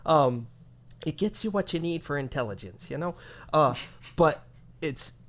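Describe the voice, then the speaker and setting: A man co-hosting a gaming podcast in casual chat, relaxed, with chuckles and loose asides. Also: a little high, a little slow. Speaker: podcast co-host.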